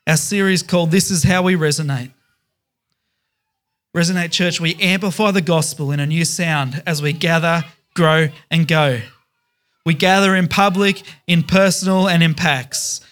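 A man's voice: high-pitched, a little slow, fairly bright tone. A man preaching a sermon as pastor, emphatic, stressing words in repeated lists.

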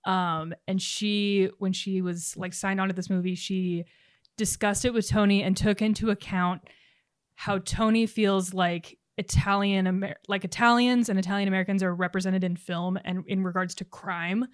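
A woman's voice: medium pitch, level tone, moderate pace, smooth, no echo, clean studio sound. Blunt woman sharing her notes. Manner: blunt, brings notes, swears casually. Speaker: podcast co-host. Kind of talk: casual movie-talk chat.

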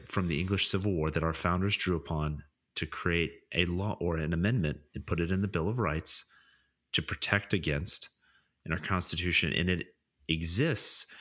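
A man co-hosting a podcast, steadily and deliberately leading a casual discussion. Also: sits low, a bit bright. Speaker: podcast co-host. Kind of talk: casual chat, explaining political topics.

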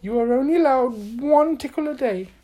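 A woman's voice: high-pitched, big pitch swings, unhurried, pitched above the performer's own voice, poor audio. A woman voicing a cheerful, bossy little girl who commands things with magic, in a storybook reading. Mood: brisk. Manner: bright, commanding one-word spells.

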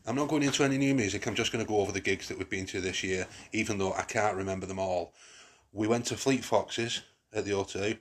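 Guy hosting a chatty podcast, really low voice, kinda husky, keeps restarting his sentences. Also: fast talker, hardly any pauses. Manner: rambling, many restarts and fillers. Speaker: podcast host. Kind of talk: casual chat.

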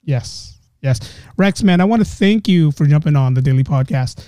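Bay area guy hosting his podcast, middle-aged, mellow voice, laughs a lot, kinda highish. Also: expressive, normal speed, clean tone, dry recording. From San Francisco Bay Area. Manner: friendly, effusive thanks, laughs easily. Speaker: podcast host. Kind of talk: casual interview chat.

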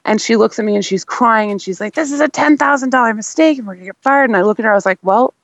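Laughing woman telling a lively story. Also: fairly high pitch, fast, no echo, muffled recording. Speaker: radio guest. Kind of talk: casual storytelling chat.

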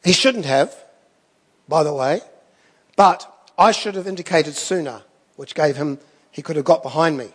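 A man's voice: on the high side, measured pace, pauses often, breathy edge, in a large hall. A man preaching a sermon, telling stories in a conversational way with self-deprecating asides. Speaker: pastor.

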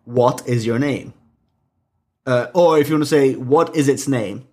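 A man who speaks English as a second language after Italian, co-hosting a podcast in casual chat, measured and explanatory with dry quips. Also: mid-range voice, warm tone. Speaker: podcast co-host and editor.

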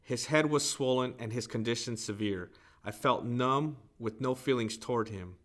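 Male host, mid-pitched, reads a poem and book excerpt in a measured, reflective way. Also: a bit bright. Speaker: podcast host.

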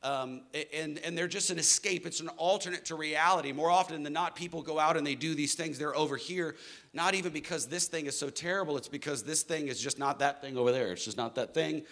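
A man's voice: on the high side, fairly quick, a bit bright. A man in his thirties preaching a sermon in a church hall, earnest and building to emphatic declarations. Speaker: pastor.

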